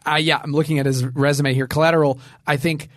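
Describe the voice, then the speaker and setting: A man co-hosting a podcast in casual chat, upbeat and wry, tossing in quick quips. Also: fairly high pitch, level tone, dry recording, studio quality. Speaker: podcast co-host.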